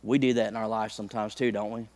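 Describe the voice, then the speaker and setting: A man's voice: fairly low pitch, level tone, fast, darkish tone. A male preacher delivering a sermon, talking conversationally to the congregation and building to impassioned peaks.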